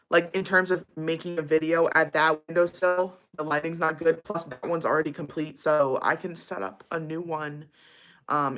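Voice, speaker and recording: A woman's voice: sits low, a bit bright. A young woman casually chatting with viewers on her livestream, bubbly and giggly, with lots of likes and ums. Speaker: livestream host.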